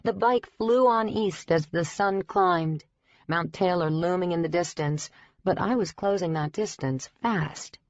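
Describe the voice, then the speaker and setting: A woman reading a first-person audiobook in a steady, even storytelling delivery. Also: lowish voice, a little slow, no room sound. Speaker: audiobook narrator. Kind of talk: scripted first-person narration. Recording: dry, slightly dull recording.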